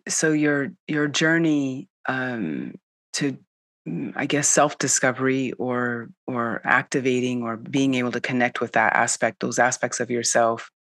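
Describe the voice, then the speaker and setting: An interview host muses aloud, pausing and restarting as they search for the right words. Their voice sits at a middling pitch. The sound is dry and close. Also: fairly bright tone, no room sound. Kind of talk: casual interview conversation.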